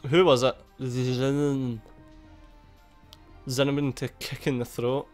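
A man giving casual, excitable gameplay commentary, swearing a lot and laughing at the game. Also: medium pitch, slow. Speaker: gaming YouTuber. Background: faint game music.

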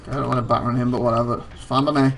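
A man's voice: medium pitch, flat delivery, rapid-fire, creaky, faint music behind. A man hosting a let's play, commenting live and exclaiming in frustration at the game.

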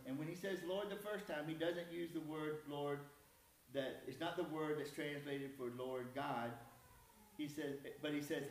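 A man's voice: on the high side, moderate pace, a little hiss or hum. A man preaching a conversational sermon in a church, folksy and self-deprecating. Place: church sanctuary. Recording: echoey church hall from far off.

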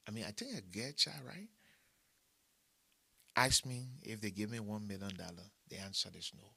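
Preacher man with husky, bright voice. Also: lowish voice, lively intonation, normal speed, no echo. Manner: storytelling preacher who mixes humor with appeals for money; repeats short phrases for emphasis. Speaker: pastor. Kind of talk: sermon.

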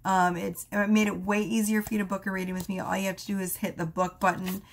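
A woman giving a casual tarot reading, rambling with many fillers and asides, her voice going hoarse. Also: mid-range voice, level tone, quick pace. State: losing her voice. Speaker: tarot reader.

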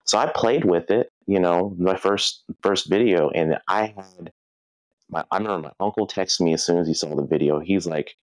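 A man's voice: sits low, moderate pace, no room sound. A man being interviewed on a podcast, telling stories casually and acting out the voices of people he quotes. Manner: animated, acts out quoted voices. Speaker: podcast guest, game collector and video creator.

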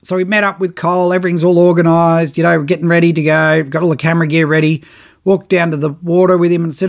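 A middle-aged man telling a travel story on his podcast in a casual, animated way, acting out other people's lines in his own voice. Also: a little high, quick pace, gravelly.

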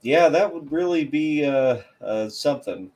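A man's voice: on the high side, lively intonation, a little slow, a little mellow. A man hosting a car channel's live stream, chatting casually in a rambling, hesitant, self-deprecating way.

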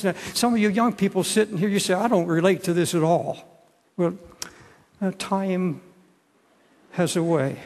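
An older man delivers an earnest sermon in a large church, his voice high for a man and gravelly. He halts and restarts often, and the sound carries a long hall reverb. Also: a little mellow. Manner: earnest, halting with repeated restarts. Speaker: pastor.

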